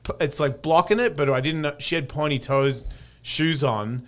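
A man's voice: fairly high pitch, moderate pace, fairly bright tone. A man telling rowdy, profane party stories with lots of laughter in a casual podcast chat. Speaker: guest storyteller.

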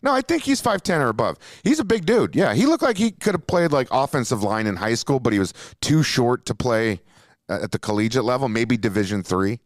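A man hosting a casual podcast, telling a story with lots of swearing. His pitch rises and falls a lot as he acts out what people said. The sound is close and dry, with no room around it. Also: a little fast, dry recording. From Minnesota. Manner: animated, profane, jumps into acted-out quotes. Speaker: podcast host.

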